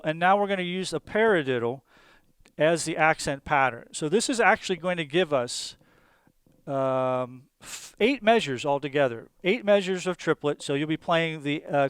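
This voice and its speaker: A male drum teacher explains each step calmly and methodically. His voice sits a bit high, smooth and clear, and the recording is dry and close. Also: no room sound. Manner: calm, methodical, with fillers. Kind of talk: instructional explanation.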